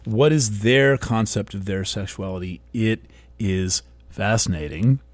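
A man speaking a reflective monologue into a broadcast microphone, soft-spoken and gentle, often halting and restarting his words. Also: on the low side, no echo.

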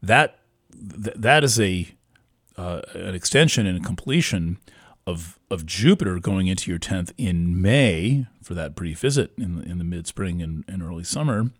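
A man giving an astrology reading in a casual, halting way, with many restarts and fillers. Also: low voice, expressive, breathy edge, no echo, studio quality.

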